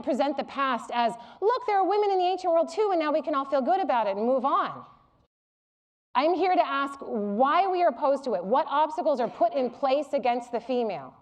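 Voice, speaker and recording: A middle-aged woman delivering a public lecture to a live audience. Her voice sits a little high, and she tells stories with a candid, humorous, animated manner.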